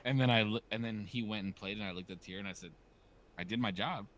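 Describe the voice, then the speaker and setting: Talking fast in a lowish voice, a thirtysomething podcast host keeps things casual, bringing his stories to life by acting out the dialogue.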